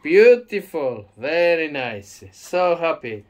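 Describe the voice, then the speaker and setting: A man's voice: fairly high pitch, slow pace. A man hosting a casual home cooking video, talking enthusiastically and often adding a questioning "eh?". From Madeira, Portugal. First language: Portuguese. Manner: enthusiastic, repeats tag question "eh?".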